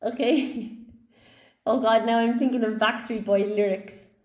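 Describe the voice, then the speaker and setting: A woman's voice: a little high, steady tone, a little slow, darkish tone, echoey room. A woman teaching a live online English class, cheerfully praising students by name as she goes through quiz answers.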